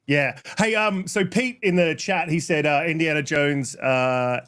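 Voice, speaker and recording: A man with a fairly high voice hosts a gaming podcast. He rambles casually, with many fillers and the odd swear word. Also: a little slow, fairly bright tone, clean tone. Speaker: podcast host reading chat. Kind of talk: casual chat.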